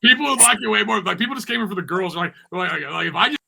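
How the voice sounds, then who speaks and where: A man's voice: sits high, animated, very fast, vocal fry. A man hosting a podcast, joking and rambling in casual chat, swearing freely. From Midwest US. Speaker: podcast host. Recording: noisy podcast recording.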